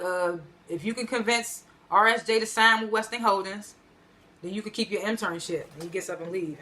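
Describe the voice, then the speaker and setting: A woman's voice: medium pitch, pushed and bright. A woman giving a casual, slangy recap of a TV episode, retelling scenes as loose quotes and correcting herself as she rambles. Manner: rambling with frequent fillers and self-corrections. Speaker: TV episode reviewer.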